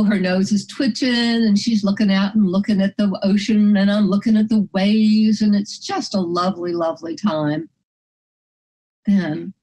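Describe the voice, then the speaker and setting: A woman's voice: medium pitch, darkish tone, poor audio. An older woman telling a personal story vividly, acting out the dialogue.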